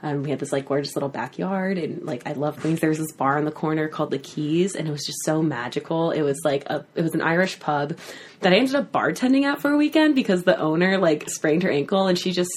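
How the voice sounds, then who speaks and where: A young woman in her twenties chats as a podcast guest, her voice sitting a touch low. She winds through a story in loose, rambling sentences packed with "like" and small laughs, with a faint hiss in the background. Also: quick pace. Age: 20s. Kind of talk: casual chat.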